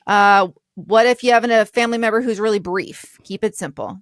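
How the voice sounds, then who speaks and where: A woman's voice: medium pitch, moderate pace, no echo, studio quality. Straightforward woman podcast co-host. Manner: straightforward, laughs often. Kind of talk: casual chat.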